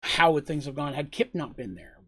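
Husky man recounting a tabletop game. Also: on the high side, lively intonation, a little fast, fairly bright tone. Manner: conversational, rambling, with frequent fillers.

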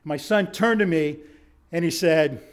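A middle-aged man with a notably high-pitched voice tells a personal story to a live audience. He delivers it like a motivational speaker, dramatic throughout. He sinks to near-whispers, then climbs back to shouts. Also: a little slow, smooth.

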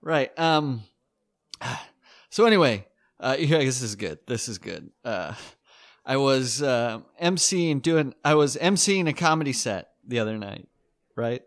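A man's voice: medium pitch, expressive, a little slow, no room sound, clean studio sound. Hesitant, rambling stand-up comic man. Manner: hesitant, rambling, lots of fillers and nervous laughs. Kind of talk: awkward stand-up set.

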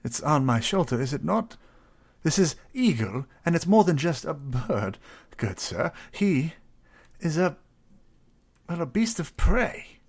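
A man's voice: a little high, sing-song, measured pace, darkish tone, breathy edge. A man playing his character in a tabletop game, hesitant and fussily polite, stammering often. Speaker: player.

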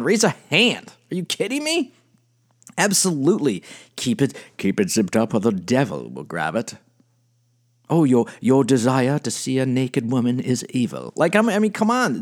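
A middle-aged man, a spiritual director and life coach, giving a blunt, animated teaching talk and reading quotes aloud. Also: medium pitch. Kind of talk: podcast-style teaching monologue.

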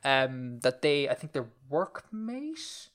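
A man's voice: medium pitch, sing-song, slow pace, a bit bright. A man with an Irish accent hosting a podcast, rambling through casual chat with lots of fillers and restarts. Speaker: podcast host.

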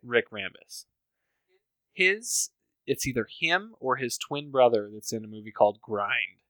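A man's voice: mid-range voice, animated, measured pace, pushed and bright, no echo. Profane, laughing man chatting over beers. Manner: profane, laughing, rambling with fillers. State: drinking beer. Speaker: podcast co-host. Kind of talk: casual chat, movie talk.

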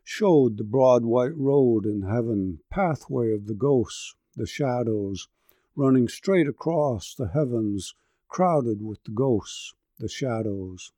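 Slow, mellow male poetry reader. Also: mid-range voice, animated, no echo. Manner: measured, rhythmic verse delivery. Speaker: narrator. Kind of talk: narrative poetry reading.

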